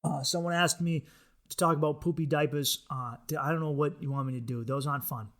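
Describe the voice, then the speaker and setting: A man with a high, bright voice riffs through a crude comedy monologue. He rambles and swears freely, full of restarts and asides. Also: fairly even intonation, a little fast. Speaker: podcast host.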